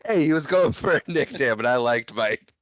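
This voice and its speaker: A man co-hosting a podcast, chatting casually about a movie and offering dry, measured critiques of its scenes. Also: mid-range voice, expressive, fairly bright tone, no room sound. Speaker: podcast co-host.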